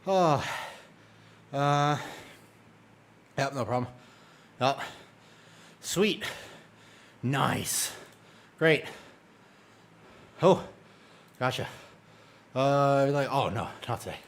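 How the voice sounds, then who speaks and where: A man chatting casually on a live game stream, excitable and full of quick exclamations. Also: mid-range voice.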